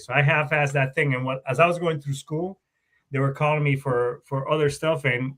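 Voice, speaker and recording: A man's voice: fairly high pitch, steady tone, moderate pace, a bit bright. Profane, rambling middle-aged man. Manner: profane, rambling, self-correcting. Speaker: guest, Marine Corps veteran warrant officer. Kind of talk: casual storytelling interview.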